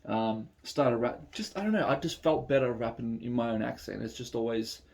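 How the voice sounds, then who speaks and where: A man's voice: mid-range voice, normal speed, vocal fry, darkish tone. A man from Melbourne with an Australian accent, chatting casually and rambling with many fillers while reacting to music on a phone recording. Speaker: reaction video host.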